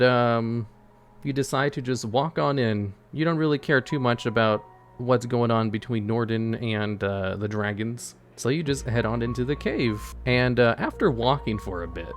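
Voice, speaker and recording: A man running a tabletop-style adventure as game master, narrating in a casual, joking, offhand way and talking to his chat. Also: medium pitch.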